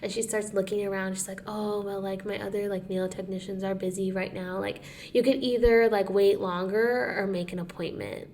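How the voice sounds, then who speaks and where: Young woman, podcast co-host, creaky, casual chatty storyteller. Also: mid-range voice, normal speed, hardly any pauses, slight background noise. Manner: animated storyteller who acts out quotes, says "like" often.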